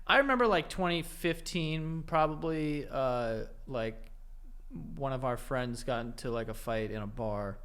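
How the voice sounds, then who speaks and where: A man's voice: medium pitch, unhurried, a bit bright, smooth. A man, chatting casually on a podcast, laughing often and swearing. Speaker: podcast co-host. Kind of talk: casual chat.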